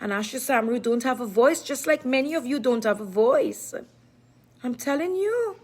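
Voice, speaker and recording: Middle-aged woman, fairly high voice, emphatic, repeats herself, casual chat to viewers. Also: animated, normal speed, a little mellow. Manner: emphatic and repetitive, speaks of herself in third person. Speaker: live-stream vlogger.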